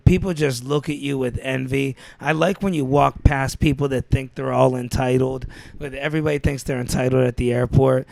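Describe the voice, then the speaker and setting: A man's voice: mid-range voice, fairly even intonation, normal speed, vocal fry, few pauses, darkish tone, no room sound. A man co-hosting a podcast in casual chat, telling stories with a brash, swaggering manner. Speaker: podcast co-host.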